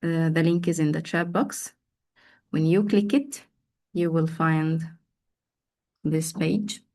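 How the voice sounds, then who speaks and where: Woman, teacher trainer, slow unhurried delivery, drills words by repeating them, video call. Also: low voice, fairly even intonation, mellow. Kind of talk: online teacher training session.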